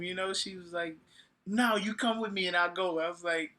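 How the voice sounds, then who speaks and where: A man's voice: high voice, brisk. A man on a vlog telling a story in casual talk, acting out what people said and laughing often. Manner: animated, acts out quotes, laughs often. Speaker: vlogger recounting a fight. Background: faint background music.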